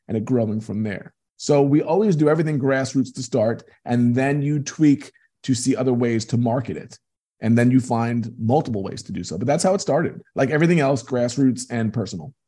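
A man's voice: mid-range voice, warm tone, slightly rough. A man being interviewed as a guest, telling earnest, emphatic stories about his business. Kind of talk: conversational interview.

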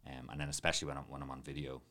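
Very deep-voiced, fast-talking man. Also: completely flat delivery, sharp tone. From Ireland. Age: late 20s. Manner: rambling, self-deprecating, quick asides. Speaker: martial arts teacher and YouTuber. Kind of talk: casual podcast chat.

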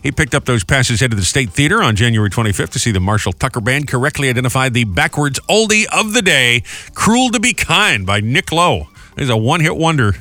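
A man's voice: mid-range voice, sing-song, brisk, bright, forceful tone, dry recording. A man hosting a morning radio show, chatting upbeat and jokey with his co-host.

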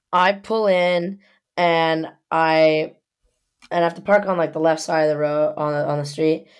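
A woman's voice: deep voice, steady tone, takes it slowly, long pauses, smooth. Profane young woman, podcast co-host. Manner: profane, heated storytelling. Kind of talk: casual chat.

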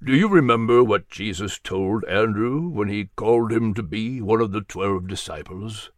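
A man's voice: fairly low pitch, normal speed, no room sound, clean studio sound, pitched below the performer's own voice, natural voice. A man voicing a reflective male guide recounting stories in a storybook reading. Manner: warm, reflective. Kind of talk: storybook narration.

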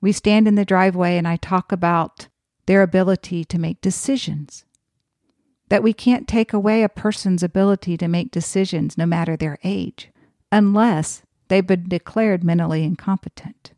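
A woman who is a geriatric nurse hosting a podcast, telling stories from her work in a calm, earnest, explanatory way. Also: fairly low pitch, normal speed, no echo, clean studio sound. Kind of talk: storytelling podcast monologue.

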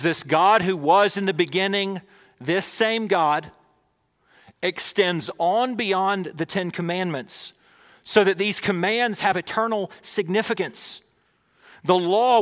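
A male pastor preaching a sermon, swinging between emphatic, raised lines and hushed, near-whispered ones. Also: a little high, in a large hall.

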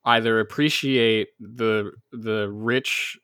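A man chatting on a podcast in a bright, forward voice. He rambles with plenty of "um"s and restarts, and the sound is close and dry, with no room around it. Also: lowish voice, fairly even intonation, slow, dry recording. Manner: rambling, many fillers and restarts. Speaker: podcast co-host. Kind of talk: casual chat.

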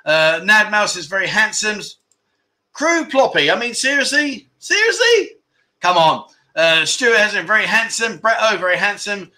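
Man, high voice, very bright and sharp, jokey livestream host, teasing banter. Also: unhurried. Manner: jokey and teasing, with animated outbursts. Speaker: livestream chat show host. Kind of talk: casual livestream chat, reading viewer comments aloud.

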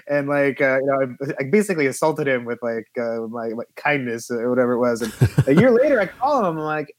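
A man who is a film producer, telling lively stories in a casual interview and acting out quotes. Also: mid-range voice, quick pace, no room sound. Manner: animated storyteller who acts out quotes.

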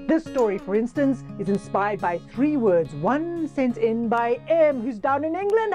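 A woman hosting and narrating a children's story in a playful, animated, giggly way. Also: fairly high pitch, measured pace, hardly any pauses, faint music behind.

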